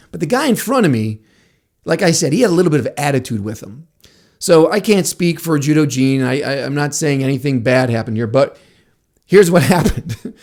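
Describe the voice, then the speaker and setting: Animated man telling a story. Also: on the high side. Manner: animated, laughs often, acts out quotes. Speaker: podcast host, martial arts instructor. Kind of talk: casual storytelling.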